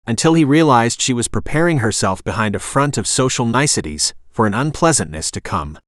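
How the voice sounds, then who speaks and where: A male text-to-speech narrator reading an audiobook with a lively, rising and falling pitch. The sound is dry and close, with no room around it. The pace stays steady and smooth. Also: fairly quick, no room sound. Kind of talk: scripted narration.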